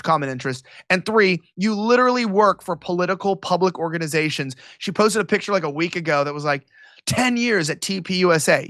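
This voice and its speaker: A male political commentator talking as an interview guest, quick and sarcastic, with a mocking edge. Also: high-pitched, pushed and bright, no room sound, studio quality. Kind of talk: animated interview talk.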